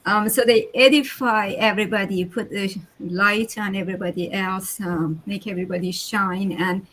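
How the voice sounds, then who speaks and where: A woman's voice: medium pitch, fairly even intonation, moderate pace, fairly bright tone, slight background noise, low-quality recording. A woman speaking nervously and politely, thanking others on a group video call. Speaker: guest.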